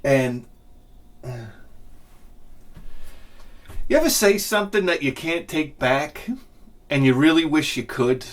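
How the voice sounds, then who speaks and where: A middle-aged man telling a rambling, self-mocking comic story with lots of swearing and loud bursts of laughter. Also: fairly high pitch, expressive, takes it slowly, pauses often. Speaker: video game collector vlogger.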